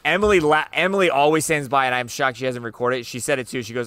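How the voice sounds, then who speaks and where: A man's voice: medium pitch, steady tone, fast talker, hardly any pauses, fairly bright tone, clear, resonant tone, no room sound. A man co-hosting a casual podcast chat, telling stories about himself with easy humor. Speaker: podcast co-host.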